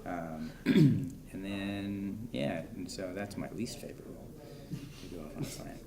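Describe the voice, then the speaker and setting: A man, an actor, chatting casually in an interview, relaxed and full of fillers like "you know.". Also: sits low, measured pace, creaky, crowd noise. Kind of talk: casual chat. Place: convention room with crowd around.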